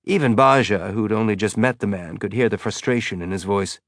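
A man's voice: fairly low pitch, fairly quick, dry recording, studio quality. Man narrating a tense audiobook. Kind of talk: scripted narration.

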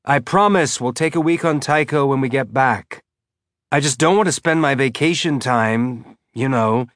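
A man's voice: medium pitch, moderate pace, fairly bright tone, dry recording, clean studio sound, lightly acted. A man doing a weary ship's captain. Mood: dry.

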